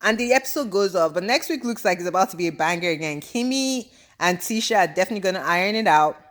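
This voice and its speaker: A young adult woman giving a casual reality TV recap, animated, exasperated and full of slang. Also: fairly low pitch, quick pace.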